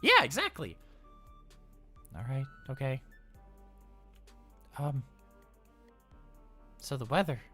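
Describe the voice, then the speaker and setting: A flustered, chatty robot daycare attendant, voiced by a man on a live in-character stream. His mid-pitched voice swings up and down a lot as he rambles, stammering through his thoughts. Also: huge pitch swings, slow pace, long pauses, pushed and bright, faint music behind, exaggerated voice. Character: anxious cheerful male robot daycare attendant. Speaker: livestream role-player.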